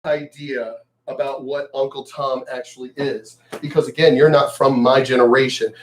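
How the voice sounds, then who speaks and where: A man's voice: mid-range voice, darkish tone, rough recording. A middle-aged man ranting in a blunt, profane, sarcastic way for his vlog, now and then mocking others in put-on voices. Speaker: vlogger.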